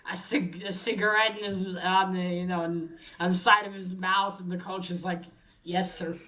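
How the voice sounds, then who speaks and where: A woman's voice: lowish voice, flat delivery, moderate pace, bright, forceful tone, rough recording. A woman casually retelling a story in a rambling, hesitant way, with many fillers and self-corrections. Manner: chuckles while retelling. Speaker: host recapping a story.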